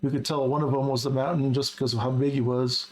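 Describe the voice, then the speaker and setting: A man's voice: medium pitch, flat delivery, quick pace, rough recording. A man casually recapping a book he read, chatty and wry with lots of asides. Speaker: book journal vlogger.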